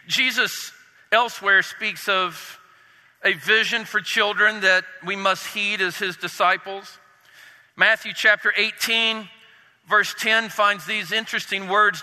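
Man, pastor, sermon, high ringing voice, long hall reverb. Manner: dramatic, drops voice low and soft to stress points.

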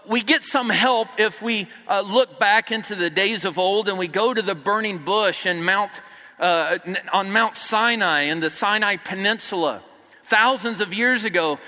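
A high-pitched male preacher with a bright, forceful tone, teaching his congregation and leading them to repeat words. He moves between quiet, hushed phrases and lively emphasis. His voice rings out through a large hall with a long echo. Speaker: pastor. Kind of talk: sermon. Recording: echoey hall.

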